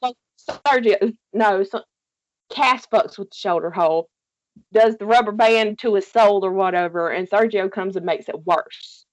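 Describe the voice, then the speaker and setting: A woman's voice: medium pitch, normal speed, dry recording. A woman casually recapping a TV series with a co-host, telling it animatedly, swearing freely and laughing often. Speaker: podcast co-host.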